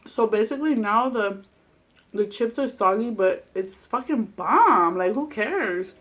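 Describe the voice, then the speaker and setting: A woman's voice: a little high, lively intonation, measured pace, a bit bright. A woman in her twenties telling a heated personal story while eating, blunt and profane. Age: 20s. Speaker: vlogger.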